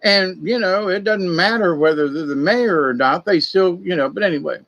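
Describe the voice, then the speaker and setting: A man's voice: high-pitched, moderate pace, gravelly, fairly bright tone, dull audio. A man telling rambling, folksy stories in a casual monologue, digressing often and sounding conspiratorial. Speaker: spiritual talk host.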